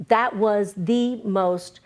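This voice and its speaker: A woman's voice: mid-range voice, drawn-out words. Earnest woman guest sharing life lessons. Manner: earnest, encouraging, keeps asking "right?". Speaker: guest, singer-songwriter and author. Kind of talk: candid interview conversation.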